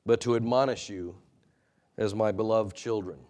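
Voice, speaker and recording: A male pastor delivering a sermon in an earnest, admonishing way, swinging between emphatic peaks and quiet low asides. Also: steady tone, normal speed.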